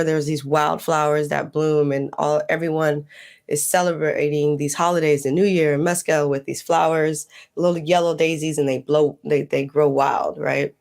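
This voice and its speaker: A woman talks about herself as a podcast guest, her voice carrying a gravelly edge. She lingers on words and laughs easily. The conversation feels relaxed and personal. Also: low-pitched. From United States. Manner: reflective, laughs often, speaks with slow deliberate emphasis. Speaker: guest, holistic healer.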